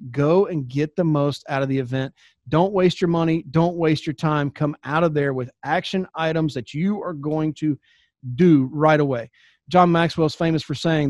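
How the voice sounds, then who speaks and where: A man with a fairly high voice gives plain-spoken coaching tips straight to the listener. He is blunt and animated, stumbles over repeated words as he restarts sentences, and the sound is close and dry. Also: no echo. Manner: blunt, animated, acts out quoted exchanges. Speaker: business coach. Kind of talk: instructional talk to camera.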